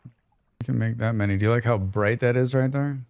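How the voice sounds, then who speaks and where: A man's voice: medium pitch, fairly quick, vocal fry, a little mellow, clean tone, no echo. A man streaming a survival game live, talking to himself in a casual, joking, grumbling way as he plays. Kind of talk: casual live gameplay commentary.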